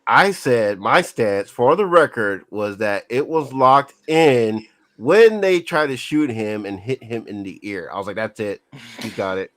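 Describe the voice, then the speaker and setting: A man chatting casually on a livestream, joking in a relaxed way. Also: mid-range voice, measured pace.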